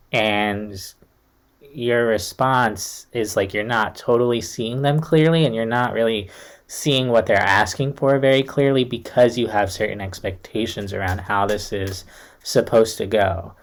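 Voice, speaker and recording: A young man giving a casual, reassuring tarot reading to camera, talking in a loose, chatty way full of fillers. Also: lowish voice. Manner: chatty, reassuring, uses many fillers like "like" and "kind of". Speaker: tarot reader.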